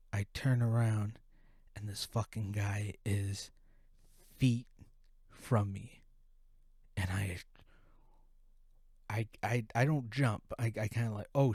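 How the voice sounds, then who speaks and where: A man's voice: fairly low pitch, dark tone, dry recording, clean studio sound. A man hosting a podcast who tells a profane, rambling story in a casual way. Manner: profane, rambling, full of restarts. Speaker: podcast host.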